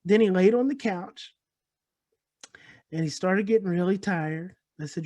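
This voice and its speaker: A man lectures on parenting and walks the audience through a personal story. His delivery is earnest and unhurried, and he circles back to repeat his key points. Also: high-pitched. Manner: earnest, repetitive, explains calmly. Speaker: speaker on parenting and attachment.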